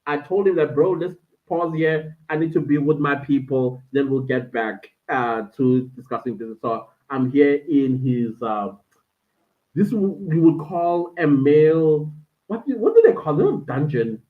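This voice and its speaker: A South African woman chats to her live-stream audience, animated and talkative. The sound is thin and tinny, like a phone line. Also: low-pitched, unhurried. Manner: animated, talks to viewers and reads out chat comments. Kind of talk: casual live-stream chat. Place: friend's indoor den at home.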